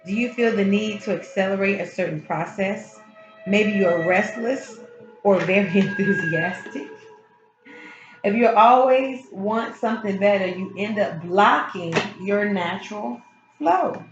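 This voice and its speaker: A woman with a mid-range voice reads tarot cards in a casual, spiritual way. She talks frankly and with emphasis, sometimes swears, and keeps coming back to the same phrases. The sound is roomy and a little dull, with music playing behind her. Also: mid-range voice. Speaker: tarot reader. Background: background music.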